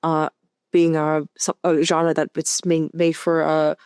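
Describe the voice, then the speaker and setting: Halting, thoughtful woman, lowish voice. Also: completely flat delivery, a little mellow, smooth, no echo, clean studio sound. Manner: thoughtful, halting, full of "like" and restarts. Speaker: film director guest. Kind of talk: casual interview chat.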